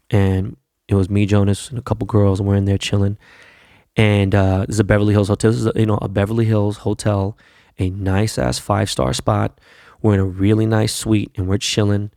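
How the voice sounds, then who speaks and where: Podcast host, male, low gravelly voice, swears freely, loose rambling storyteller, dry close sound. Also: dark tone, no echo. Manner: profane, rambling anecdote-telling with many fillers. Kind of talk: casual storytelling monologue.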